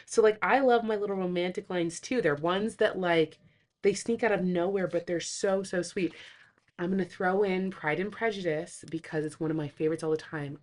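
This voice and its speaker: A woman's voice: on the low side, brisk, a little mellow. A woman co-hosting a casual podcast chat, talking animatedly and quoting movie lines in acted voices. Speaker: podcast co-host.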